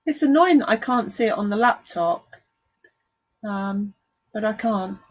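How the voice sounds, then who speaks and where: A woman's voice: mid-range voice, lively intonation, measured pace. A woman with a London accent giving a live watercolour painting lesson, chatting and greeting viewers as she works. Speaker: watercolour art teacher. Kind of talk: live-streamed painting demonstration. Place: art studio.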